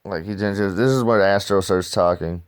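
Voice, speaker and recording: A man's voice: sits low, normal speed, clean tone, dry recording. A man casually reviewing comics in rambling, slangy talk, throwing in "dude" and swearing freely.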